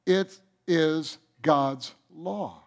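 Slow, emphatic preaching man. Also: on the high side. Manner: emphatic preaching, slows down to stress points, drops soft at phrase ends. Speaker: pastor. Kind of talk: sermon.

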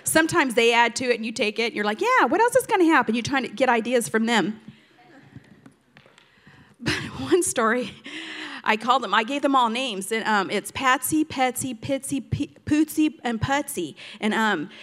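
An older woman with a bright, high-pitched voice tells family stories in a chatty, animated way. She laughs often and drops into playful voices for the children she quotes. Her tone is casual and conversational, as if sharing stories with friends. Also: brisk. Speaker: storyteller grandmother. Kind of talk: casual storytelling to an audience.

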